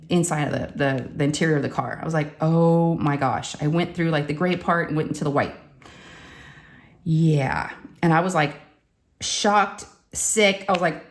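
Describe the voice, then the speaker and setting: A woman, a crafting vlogger telling a story in casual chat and acting out the quotes with animation. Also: fairly low pitch. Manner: animated, acts out quotes, says y'all.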